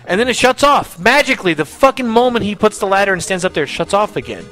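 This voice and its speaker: A man's voice: high-pitched, lively intonation, fast talker, pushed and bright, soft background music. A man hosting a podcast, telling a story in casual chat, swearing freely and acting out what other people said. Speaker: podcast host.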